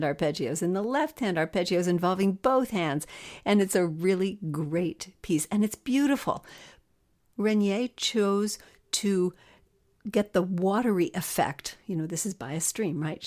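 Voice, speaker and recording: A woman's voice: mid-range voice, a little mellow. A middle-aged woman from the Philadelphia area, teaching harp in a friendly, explanatory way. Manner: friendly explanatory, sings rhythms. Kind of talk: podcast music lesson.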